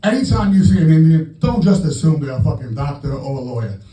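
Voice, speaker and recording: A man doing a stand-up set in a comedy club, brash and profane with loud punchlines. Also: a little high, big pitch swings, fast. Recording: roomy club sound from far off with crowd. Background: audience laughing.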